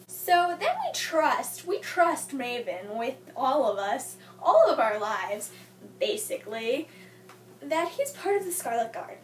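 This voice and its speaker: A woman's voice: sits high, very animated, unhurried, a little hiss or hum. A young woman reviewing a book in a casual vlog, gushing and exasperated, often talking back at the characters. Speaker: book vlogger. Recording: echoey room, mic at a distance.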